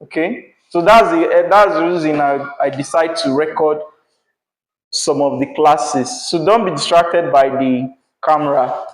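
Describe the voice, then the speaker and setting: A man with a Nigerian English accent teaching a class, slow and patient, repeating key words. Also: on the high side. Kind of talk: classroom lesson. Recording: echoey classroom.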